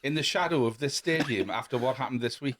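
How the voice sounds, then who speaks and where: A man's voice: medium pitch, fast talker, fairly bright tone, a little hiss or hum. A man co-hosting a podcast, chatting casually and teasing with dry one-liners. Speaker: podcast co-host. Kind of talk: casual chat.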